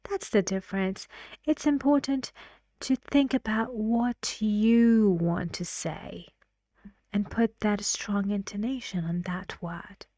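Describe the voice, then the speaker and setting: A woman explaining intonation in an English lesson, patient and clear, sometimes dropping to a whisper. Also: mid-range voice, slow pace, mellow, no echo, clean studio sound. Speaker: English teacher.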